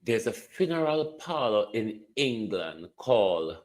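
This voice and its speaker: A man's voice: on the low side, big pitch swings, unhurried, few pauses. A man with a Jamaican accent giving indignant, mocking political commentary, repeating phrases for emphasis.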